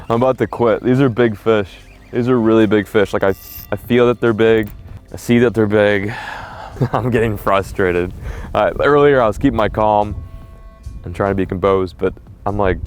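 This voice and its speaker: A man with a fairly low voice narrates his fishing day from a boat on a lake, talking loosely and excitably, even chatting to the fish he lands. Soft music plays faintly behind him. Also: moderate pace, smooth. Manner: excitable, talks to fish and trees, slangy. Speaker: fishing vlogger. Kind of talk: casual running commentary while fishing.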